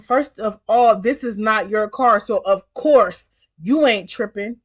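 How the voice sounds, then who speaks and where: A woman telling a story in a blunt, emphatic way, repeating lines to drive her point home. Her voice sits at an ordinary middle pitch. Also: unhurried. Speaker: rideshare driver. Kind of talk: storytime vlog rant.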